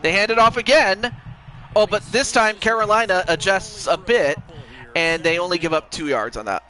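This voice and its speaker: A man doing casual play-by-play commentary on a video game football match, excitable and rambling, with quick exclamations. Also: sits high, a little hiss or hum, rough recording. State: has the hiccups.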